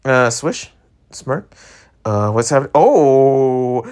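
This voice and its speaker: A man casually reading a webtoon aloud, reacting excitedly to scenes with gasps and laughter. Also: medium pitch, slow, long pauses. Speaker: webtoon reader. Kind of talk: casual read-along with reactions.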